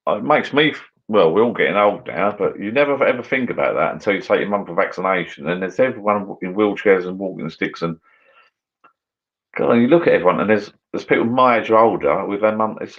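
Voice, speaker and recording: A man's voice: deep voice, dull audio. A middle-aged man hosting a casual live chat over drinks, rambling on as he reads out comments. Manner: rambling, mumbling on. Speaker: livestream host. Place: garden bar shed at home.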